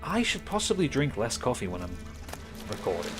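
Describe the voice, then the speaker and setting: Chatty man with a lively voice. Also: medium pitch, fairly quick. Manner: chatty, rambling, self-mocking. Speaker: gaming YouTuber. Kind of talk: casual let's-play commentary. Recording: commentary over game music.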